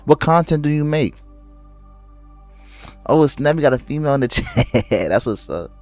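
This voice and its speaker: A man on a casual livestream, reading viewer comments aloud, talking loosely, calling people bro and stumbling over words when excited. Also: fairly high pitch, normal speed, no room sound, soft background music. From United States. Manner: stutters and restarts when excited; loose slangy talk, calls viewers bro.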